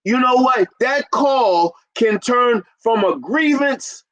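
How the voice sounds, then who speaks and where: High voiced guy in his 50s pitching cleaning biz training, emphatic, keeps saying ladies and gentlemen. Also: lively intonation, takes it slowly, highs cut off. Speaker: carpet cleaning business consultant. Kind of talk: promotional business talk.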